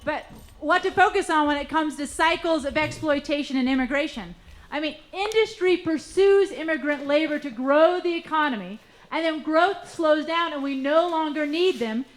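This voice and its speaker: A woman with a high voice delivers theatrical dialogue with a wry, halting manner. She pauses and restarts as if thinking aloud onstage. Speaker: playwright in a rehearsal scene.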